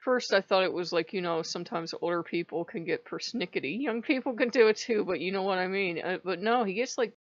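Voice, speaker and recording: A woman's voice: mid-range voice, a little fast, hardly any pauses, no room sound, lo-fi sound. A woman vlogger telling a casual ranting story, swearing freely and often laughing. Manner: profane, laughing, animated.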